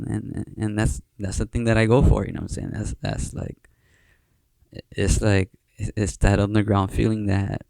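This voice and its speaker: A man's voice: lowish voice, level tone, normal speed, vocal fry, pauses often, a little mellow, no echo. A young man from Southern California hosting a podcast, chatting casually and rambling with lots of slang, fillers and restarts. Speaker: podcast host. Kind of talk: casual chat.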